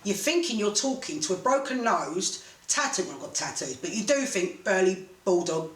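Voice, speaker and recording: Woman, lively swooping pitch, distant mic, faint hiss. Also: moderate pace. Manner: animated, laughing storyteller. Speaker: boxing promoter, guest. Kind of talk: casual storytelling interview. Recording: echoey room, mic at a distance, faint noise.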